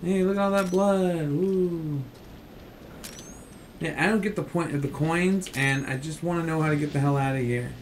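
A man's voice: fairly high pitch, fairly even intonation, normal speed, a little hiss or hum. A man playing a video game with a friend, chatting casually, swearing and getting frustrated. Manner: frustrated, swearing, bursts into shouts. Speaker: gamer. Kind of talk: casual let's play chat.

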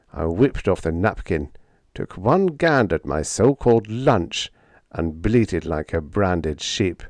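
A man reading a humorous story aloud, with a lively, playful first-person telling. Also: low voice, takes it slowly, no room sound, studio quality. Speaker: audiobook narrator.

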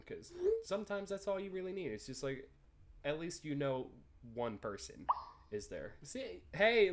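A man's voice: mid-range voice, darkish tone. Laid-back swearing young man gaming. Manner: laid-back, swears freely, reads choices aloud. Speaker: gaming YouTuber. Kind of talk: casual game commentary.

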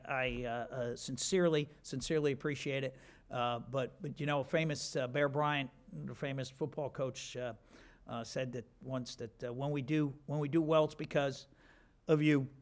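A man's voice: mid-range voice, steady tone, moderate pace. A man in his fifties giving a rambling, self-deprecating acceptance speech with many restarts.

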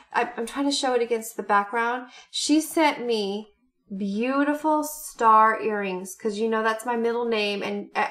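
Gushing, excitable woman vlogger. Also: a little high. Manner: gushing and excitable, lots of gasps and "oh my gosh"; rambling with many fillers and "like". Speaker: vlogger opening fan mail. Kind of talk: casual chat to camera.

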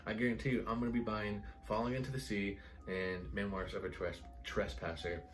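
A man casually reviewing perfumes in a vlog, excitable and rambling, full of "like" and "guys". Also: on the low side, brisk, soft background music. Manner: excitable, enthusiastic, rambling with many "like"s. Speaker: fragrance reviewer.

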